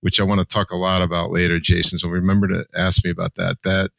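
A man's voice: deep voice, little pitch movement, fast talker, gravelly, fairly bright tone, dry recording. A man in his sixties from New Jersey, a podcast guest telling his life story candidly and with emotion. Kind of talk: personal storytelling.

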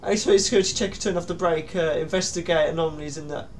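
A man's voice: fairly high pitch, steady tone, fast talker, a little hiss or hum. A young man, commenting on a horror game in a panicky, pleading way, with yelps and nervous laughs. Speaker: gaming YouTuber.

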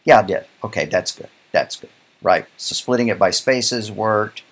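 A man's voice: lowish voice, moderate pace. A man teaching a programming lecture while coding live, thinking aloud in a casual way and often checking in with "right?". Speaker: programming instructor.

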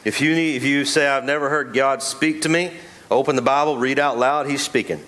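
A man's voice: medium pitch, steady tone, brisk, fairly bright tone. A man preaching a sermon in a church, joking and talking to the congregation in a loose, conversational way. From Texas. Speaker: pastor. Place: church sanctuary.

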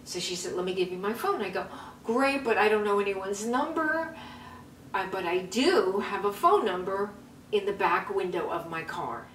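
A woman's voice: medium pitch, expressive, moderate pace, fairly bright tone. Chatty older woman, roomy and distant. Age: 70s. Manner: chatty, repeats words, laughs nervously. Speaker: vlog host. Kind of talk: casual storytelling. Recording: roomy sound from a distance, faint noise.

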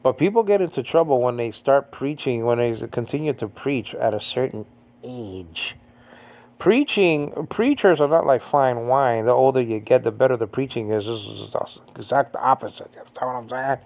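Gravelly man in his fifties teaching scripture. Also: animated, normal speed, darkish tone. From Puerto Rico. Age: 50s. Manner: rambling, full of "I mean, you know"; rises to a high, emphatic pitch when stressing a point. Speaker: Bible teacher. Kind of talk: informal Bible teaching.

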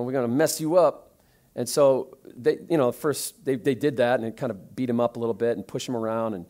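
A man delivering a sermon as a pastor, telling stories in a conversational way and growing more animated as he tells them. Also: medium pitch.

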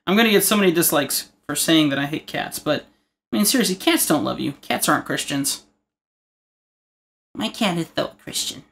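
This art tutorial host has a slightly high, gravelly, somewhat bright voice, and he speaks a little fast with lively intonation. While drawing, he narrates casually, cracking jokes and drifting into rambling tangents.

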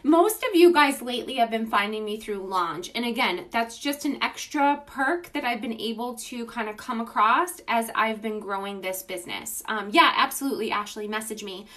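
A woman hosting a casual livestream from her phone, pitching her beauty business to viewers. She talks in a gushing, enthusiastic and informal way and greets viewers by name. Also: moderate pace, few pauses, pushed and bright.

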